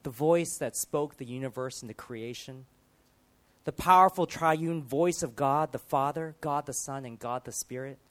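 A man preaching a sermon, building through emphatic rhetorical questions and dropping to quieter moments. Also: medium pitch, moderate pace.

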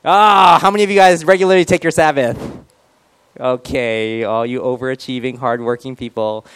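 A man's voice: medium pitch, moderate pace, fairly bright tone, a little hiss or hum. A male pastor giving a casual, joking sermon and quizzing his congregation.

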